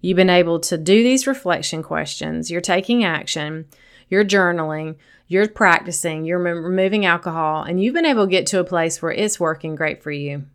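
A woman's voice: fairly low pitch, moderate pace, smooth. A woman with a Southern accent hosting a solo podcast, speaking earnestly and encouragingly straight to her listeners. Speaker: podcast host.

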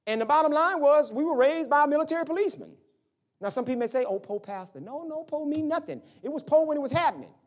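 A man's voice: very high voice, fast talker. A man preaching a sermon, telling family stories and acting out the voices of his parents. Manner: animated preaching with storytelling and voiced family dialogue. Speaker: pastor.

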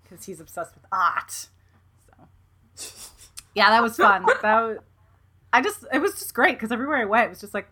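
A woman's voice: on the high side, lively intonation, normal speed, pauses often, bright, forceful tone. Woman on a podcast, swears a lot, playful, teasing, laid-back chat. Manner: blunt, profane, playful. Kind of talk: casual chat.

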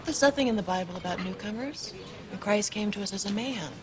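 An actress playing a calm, devout woman. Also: medium pitch, fairly quick, crowd noise, natural voice. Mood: firm. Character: devout woman, calm and firm in her beliefs. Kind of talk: TV drama dialogue. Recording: TV clip with background noise.

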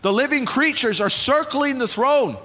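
A man's voice: very high-pitched, normal speed, sharp tone. A male pastor preaching a sermon, repeating phrases and building to fervent exhortation. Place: church sanctuary. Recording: church hall reverb with faint music.

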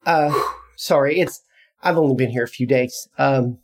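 A man's voice: medium pitch, normal speed, noisy background, close to an everyday voice. A man playing a stammering timid young sorcerer. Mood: nervous. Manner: stammering, hesitant.

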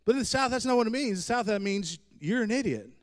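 Animated joking male pastor. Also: high-pitched, fast talker. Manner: animated storytelling with self-deprecating jokes. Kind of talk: humorous sermon.

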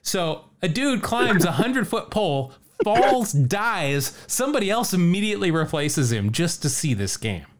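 Animated man telling a story. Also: high voice, measured pace, few pauses. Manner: animated, laughs often, reads quotes aloud. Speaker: podcast host. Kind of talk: casual storytelling chat.

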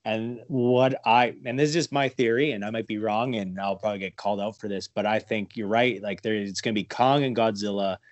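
A man's voice: fairly low pitch, steady tone, a little fast, few pauses, dry recording, lo-fi sound. A man chatting casually as a podcast co-host, rambling and profane, poking fun at himself. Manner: rambling, profane, self-mocking theorizing. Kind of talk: casual chat.

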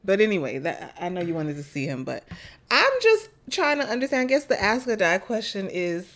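A woman's voice: medium pitch, very animated. A woman co-hosting a podcast in casual chat, incredulous and questioning. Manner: incredulous, questioning, quick to laugh. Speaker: podcast co-host.

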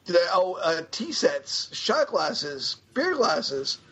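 Husky, lively-voiced male podcast host. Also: high voice. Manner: joking, profane, halting with fillers. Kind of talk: casual podcast chat. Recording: dull lo-fi sound.

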